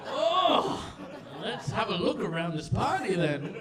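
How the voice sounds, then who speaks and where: A man doing stand-up as the evening's compere, loud and theatrical. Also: high-pitched, takes it slowly, heavy background noise. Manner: loud, excitable, theatrical outbursts. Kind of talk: stand-up comedy.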